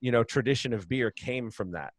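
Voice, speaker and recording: A man's voice: medium pitch, brisk, no room sound. A man, a brewery co-founder and podcast guest, explaining at length in a chatty way and laughing often, heard over a video call. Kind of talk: casual podcast interview.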